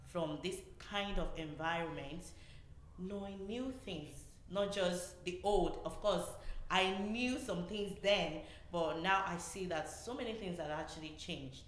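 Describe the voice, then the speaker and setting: A woman on a podcast's production team, speaking in casual conversation, hesitant and full of fillers. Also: lowish voice. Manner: slow, hesitant, with many fillers. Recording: echoey room with faint noise.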